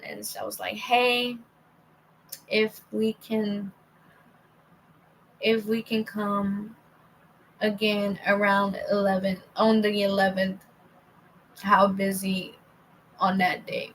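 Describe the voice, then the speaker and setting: A woman's voice: mid-range voice, little pitch movement, slow, long pauses, slight background noise, low-quality recording. A young woman casually telling a story to her viewers, acting out quoted dialogue and swearing freely. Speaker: vlogger.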